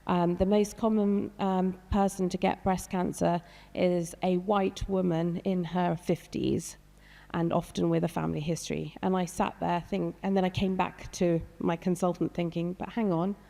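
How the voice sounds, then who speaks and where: Woman doctor in her 30s, flat low voice, lots of ums, echoey hall. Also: normal speed, creaky. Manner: hesitant, many ums, emotional. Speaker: doctor and patient guest. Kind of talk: panel discussion. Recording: long hall reverb.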